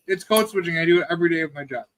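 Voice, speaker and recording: A man co-hosting a casual sports chat, quick and bantering. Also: on the high side, fairly bright tone. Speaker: co-host.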